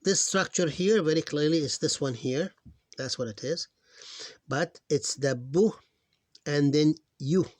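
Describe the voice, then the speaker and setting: A man teaching reading, slowly sounding out syllables one at a time, recorded on a close mic. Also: on the high side, a little mellow, no echo. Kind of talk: screen-recorded phonics lesson.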